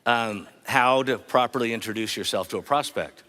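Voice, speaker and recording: A man's voice: mid-range voice, moderate pace, sharp tone. A middle-aged man giving a motivational keynote speech in an earnest, rhetorical manner, drawing the audience in. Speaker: keynote speaker.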